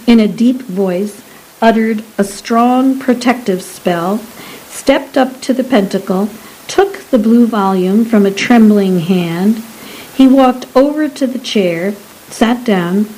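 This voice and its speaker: Slow, mellow-voiced woman narrating a story. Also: medium pitch, low-quality recording. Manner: measured storytelling, voicing each character lightly. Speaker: audiobook narrator. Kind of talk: scripted narration.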